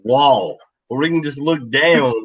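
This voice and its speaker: A man's voice: mid-range voice, a little slow, fairly bright tone, husky, lo-fi sound. A man guest telling a casual, profane story in a laid-back, rambling way.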